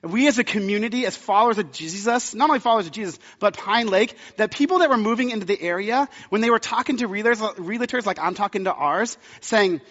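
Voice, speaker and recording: Man, pastor, sermon, high voice, lots of um and uh, dull sound, long reverb in a hall. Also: fast talker, few pauses, fairly bright tone. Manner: chatty storytelling with many fillers.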